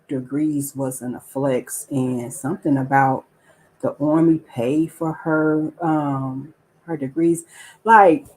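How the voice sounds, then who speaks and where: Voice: medium pitch, darkish tone, low-quality recording. A livestream host giving casual commentary, ranting with profanity and repeated rhetorical questions, and greeting viewers by name between points.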